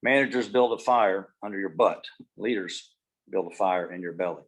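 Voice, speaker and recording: A man's voice: low voice, moderate pace. A man gives a humorous motivational keynote speech, joking in a folksy, self-deprecating way. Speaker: keynote speaker.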